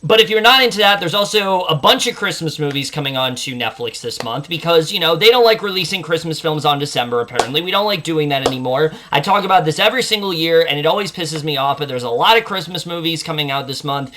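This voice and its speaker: Bright-voiced young man chatting about films. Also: on the high side, expressive, quick pace, hardly any pauses. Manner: enthusiastic, many fillers like "uh" and "like". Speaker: movie preview host. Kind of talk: casual film chat.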